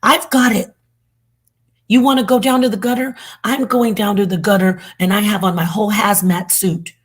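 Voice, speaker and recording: A woman's voice: medium pitch, fairly even intonation, moderate pace, husky. A woman hosting a reaction channel, ranting angrily and cursing at her viewers. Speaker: channel host. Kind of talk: heated reaction commentary.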